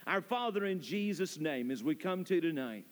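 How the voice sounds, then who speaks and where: A man's voice: on the high side, lively intonation, normal speed. A man preaching a sermon as pastor, building emphasis through repetition. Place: church sanctuary. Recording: long reverb of a church hall.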